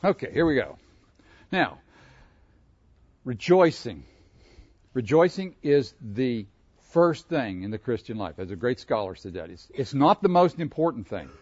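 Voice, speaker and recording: A man's voice: medium pitch, big pitch swings, unhurried, long pauses, a little mellow, slightly rough, no echo, highs cut off. A man preaching a sermon, asking his congregation questions and laughing between his points. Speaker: pastor. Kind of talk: interactive sermon.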